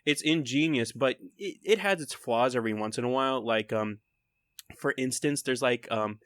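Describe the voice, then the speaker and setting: A young man from Texas with a faint Texan accent, co-hosting a casual podcast in an excitable, rambling way, laughing often and swearing casually. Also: medium pitch, normal speed, no room sound. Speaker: podcast co-host.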